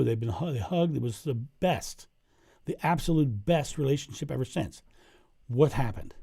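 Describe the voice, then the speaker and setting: A middle-aged man speaks in a dark, mellow tone with a gravelly edge. He talks as a spiritual coach answering questions live, earnest and story-driven. He circles back on key phrases to drive them home. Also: mid-range voice, animated, normal speed. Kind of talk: livestream Q&A monologue.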